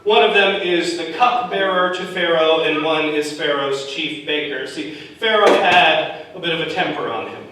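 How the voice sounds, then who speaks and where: A man preaching a sermon, telling a Bible story in a casual, joking way with quick asides. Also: on the high side. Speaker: pastor. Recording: echoey room, far from the mic, noisy.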